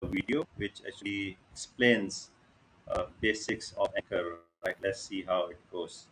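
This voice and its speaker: A man's voice: low-pitched, unhurried, background noise. A man running an online workshop, talking casually with many fillers and often checking that listeners follow. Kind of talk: casual live teaching over screen share. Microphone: video call.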